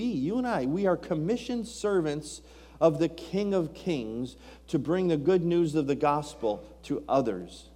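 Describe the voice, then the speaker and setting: A man's voice: on the high side, mellow. A man preaching a sermon, reading scripture aloud and asking rhetorical questions with rising emphasis. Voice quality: King James scripture reading.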